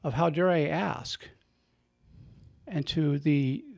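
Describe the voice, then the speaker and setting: A man's voice: a little high, slow pace, vocal fry, a little mellow. A man hosting a radio talk show, speaking earnestly and with emphasis about faith.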